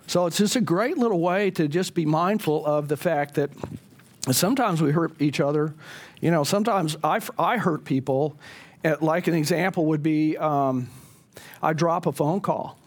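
A man's voice: a little high, moderate pace. A man, a pastor, leading a church Bible class in a conversational way, often putting questions to the group.

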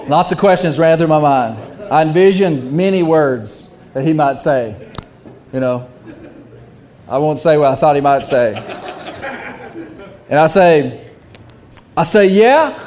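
A middle-aged man, telling a funny story to a live crowd, animated and self-deprecating, acting out the voices of others. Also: a little high.

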